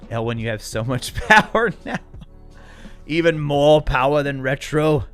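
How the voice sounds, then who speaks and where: With a higher, expressive, fairly bright and smooth voice, an American man runs a relaxed live chat at an unhurried pace. He answers viewers and laughs frequently as faint music plays underneath.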